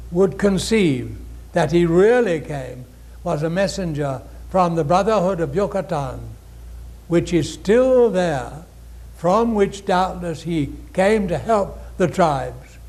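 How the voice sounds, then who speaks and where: A man giving a spiritual lecture, speaking in a deliberate, gently formal way and addressing his audience directly. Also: sits high.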